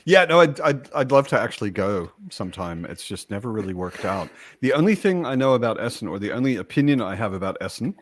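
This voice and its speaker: Man, american, casual chat host, lively melodic delivery, wry rambling asides, dry close recording. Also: on the low side, fast, few pauses, no echo. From United States. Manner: chatty, wry, trails off into asides. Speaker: podcast host.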